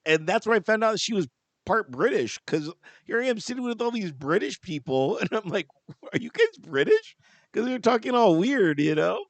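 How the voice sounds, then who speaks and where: A man's voice: sits high, lively intonation, moderate pace, dry recording. A man co-hosting a podcast, telling a rambling story in casual chat and laughing often. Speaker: podcast co-host.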